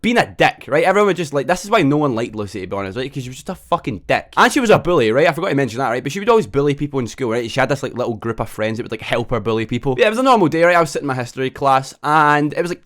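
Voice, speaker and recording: A man's voice: mid-range voice, a bit bright. A young man telling a storytime vlog, swearing a lot and tacking "right?" onto nearly every line. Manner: fast, sweary, constant tag "right?". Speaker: vlogger.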